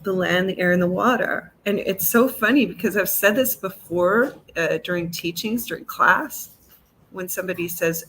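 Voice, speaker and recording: A woman's voice: fairly low pitch, normal speed, a bit bright, slight background noise, poor audio. A woman speaking fervently and with heartfelt feeling in a spiritual talk-show conversation over a video call, blunt at times. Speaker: co-host.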